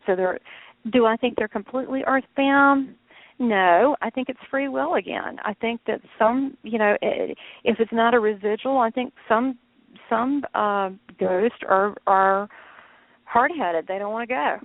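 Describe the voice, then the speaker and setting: A woman's voice: on the high side, a little slow, dry recording. A woman psychic medium giving a casual call-in reading, rambling and searching for words with many fillers and restarts. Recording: tinny phone line.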